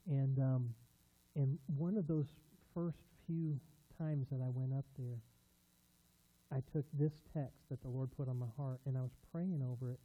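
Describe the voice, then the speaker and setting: A man's voice: mid-range voice, steady tone, measured pace. A man preaching as a pastor, telling a story in a conversational sermon style, earnest and rising to emphatic bursts. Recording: tinny phone-like sound.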